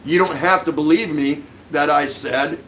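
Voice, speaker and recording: A man's voice: on the high side, normal speed, a bit bright, a little hiss or hum, low-quality recording. A middle-aged man hosting a livestream, delivering an angry, sarcastic rant full of insults. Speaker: livestream host.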